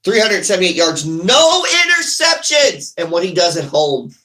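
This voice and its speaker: A man giving an excited fan recap of a football game, animated and ranting, repeating himself. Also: on the high side, a little fast, low-quality recording. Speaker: sports fan vlogger.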